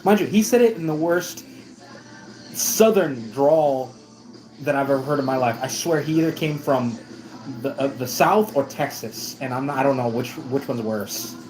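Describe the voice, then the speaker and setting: Man in a storytime vlog, middle pitch, rambling and self-correcting, with faint music underneath. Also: moderate pace, a little mellow, rough recording. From United States. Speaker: vlogger.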